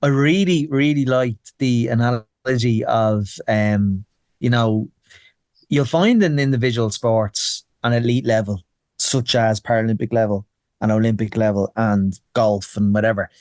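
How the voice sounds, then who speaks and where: Man host, mid pitch, dry close mic, eager exclamations. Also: measured pace, a little mellow, dry recording. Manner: enthusiastic, exclamatory, laughs easily. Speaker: podcast co-host. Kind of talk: casual podcast chat.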